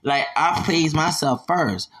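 A man's voice: on the high side, animated, slow, a bit bright. A man hosting a podcast, delivering an angry, profane, confrontational rant that circles back on itself. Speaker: podcast host. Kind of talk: angry ranting monologue.

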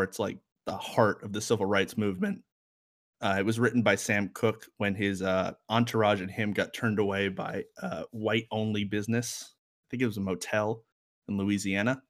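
A man's voice: fairly low pitch, a bit bright. A man co-hosting a casual music review chat, rambling with lots of fillers and a wry, joking edge. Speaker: music podcast co-host.

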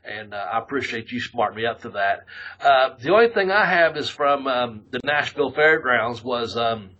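A man's voice: medium pitch, lively intonation, moderate pace, pushed and bright, lo-fi sound. A man co-hosting a podcast in casual chat, rambling and profane, laughing often. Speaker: podcast co-host.

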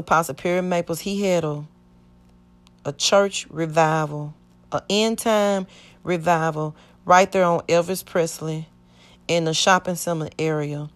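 Middle-aged woman, low-ish voice, earnest rambling testimony, voices the people in her story. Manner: earnest, rambling, acts out quoted speech. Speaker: church member giving testimony.

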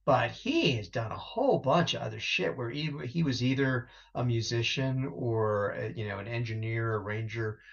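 A man co-hosting a music podcast in a casual chat, excitable, laughing often and swearing freely. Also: mid-range voice, moderate pace, gravelly, hardly any pauses, muffled recording. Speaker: podcast co-host.

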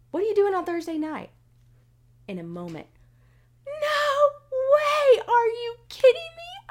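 Woman, middle-aged, personal storytelling, animated, acts out quotes. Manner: animated, acts out her own past lines with big pitch jumps. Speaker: vlogger sharing a personal story.

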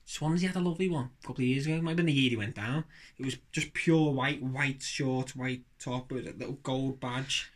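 A man's voice: medium pitch, fairly even intonation, brisk. A young man co-hosting a podcast, bantering and laughing often. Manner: jokey, laughs often, slips into mock accents. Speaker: podcast co-host. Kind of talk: casual banter.

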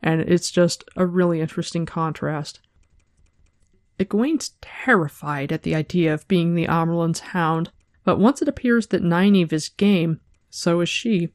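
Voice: medium pitch, measured pace, dry recording. Thoughtful book podcaster, dry sound. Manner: thoughtful, analytical. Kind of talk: book discussion, reading aloud.

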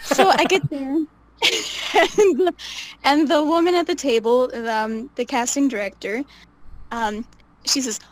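A young woman telling stories casually as an interview guest, animated, laughing often and acting out what people said. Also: high voice, measured pace, pauses often, low-quality recording. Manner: animated, laughs often, acts out quoted voices. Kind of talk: casual storytelling.

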